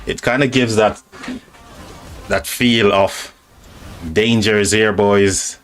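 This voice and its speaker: British man, live-stream host, casual friendly chat, lowish voice, faint music behind. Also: steady tone, slow, a bit bright. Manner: chatty and friendly, calls viewers mate and buddy. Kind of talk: casual chat reading out viewer comments.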